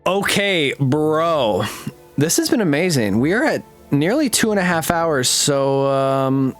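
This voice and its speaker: Man, podcast host, casual interview, laid-back, jokey, slow talker, lively pitch. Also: faint music behind. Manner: laid-back, jokey, says "bro" often.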